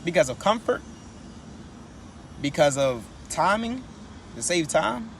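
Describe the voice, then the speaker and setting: High-voiced man giving a casual pep talk. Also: takes it slowly, gravelly, a little hiss or hum. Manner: animated, slangy, repeats and restarts phrases. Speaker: motivational speaker.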